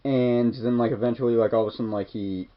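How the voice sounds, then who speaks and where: A movie reviewer talks fast in a mid-range voice with fairly even intonation, casually recapping a film's scenes. He rambles, leaning on "like" and "kinda" constantly, and the lo-fi recording sounds dull.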